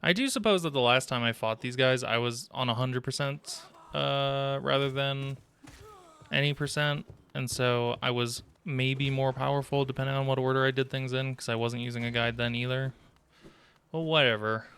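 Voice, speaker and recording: Bright, crisp-voiced man streaming a game. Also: mid-range voice, fairly even intonation, moderate pace. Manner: self-deprecating, mutters to himself while playing. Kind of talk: casual gameplay commentary.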